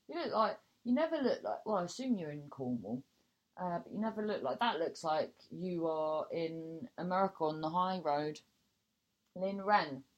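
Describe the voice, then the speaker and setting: A woman presenting a chatty radio show, reading out listener messages and reacting with animated exclamations. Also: normal speed, dull audio. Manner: animated, exclaiming, swings high in surprise.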